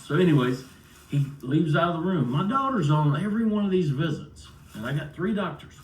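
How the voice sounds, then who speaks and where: A man's voice: fairly high pitch, very animated, a little fast. A middle-aged man telling a rambling personal story in a loose, chatty way, often circling back with "so anyways.". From United States. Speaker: vlogger. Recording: roomy sound, far from the mic.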